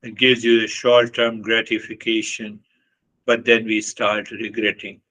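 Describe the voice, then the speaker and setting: Bright-voiced man giving a spiritual talk. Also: fairly low pitch, flat delivery, a little slow, rough recording. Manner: earnest, repetitive, with short laughs and acted quotes. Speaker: spiritual teacher.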